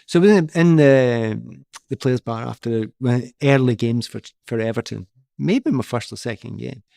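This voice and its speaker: A man's voice: medium pitch, moderate pace, gravelly, dry recording, studio quality. A middle-aged man, a former footballer, telling anecdotes in an interview and laughing often as he goes. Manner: laughs often, animated storyteller.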